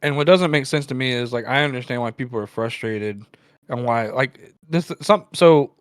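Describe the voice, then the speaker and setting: A man's voice: mid-range voice, moderate pace, clear, resonant tone, no room sound, clean studio sound. A man co-hosting a casual commentary chat, talking loosely with lots of fillers. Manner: loose, filler-heavy, rambling. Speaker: co-host.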